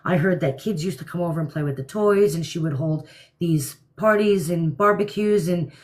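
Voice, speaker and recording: A woman's voice: fairly low pitch, moderate pace, darkish tone. A woman from New Jersey with a New York-area accent, hosting a casual livestream and answering viewer comments in a blunt, opinionated way. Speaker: livestream host.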